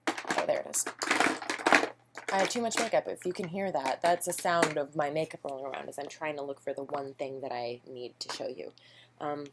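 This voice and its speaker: A woman's voice: sits low, normal speed, noisy background. A young woman chatting casually through a makeup haul at home, rambling and self-deprecating with lots of ums. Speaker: beauty vlogger. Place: home, indoors.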